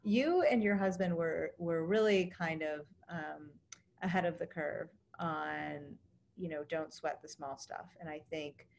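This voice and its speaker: A woman's voice: sits low, a little slow, creaky, darkish tone, slight background noise. A woman hosting an interview, reacting effusively and gushing over her guest's story. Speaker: podcast host. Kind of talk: interview conversation.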